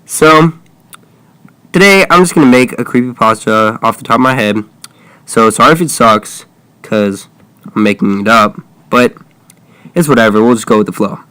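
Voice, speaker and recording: A man's voice: mid-range voice, expressive, normal speed, pauses often, sharp tone, clean tone, no room sound. A young man in a dry, close recording improvises a first-person creepy tale in a loose, casual way. His voice sits in an ordinary middle register, and he slips in jokey asides as he goes. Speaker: storyteller.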